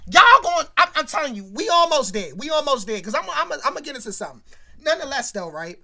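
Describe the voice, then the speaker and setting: A woman hosting a casual commentary rant, animated and slangy, talking straight to her viewers. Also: high voice, quick pace. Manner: animated, slangy, keeps addressing the audience. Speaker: show host.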